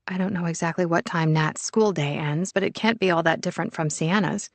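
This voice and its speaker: A woman narrating a first-person thriller audiobook in a measured, even storytelling manner. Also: on the low side, no echo.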